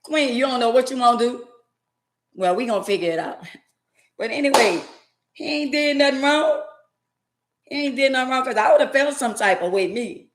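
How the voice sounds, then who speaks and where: A woman's voice: high voice, lively intonation, normal speed, pauses often, echoey room. Blunt woman talking back to chat. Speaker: live-stream host. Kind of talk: casual live-stream commentary.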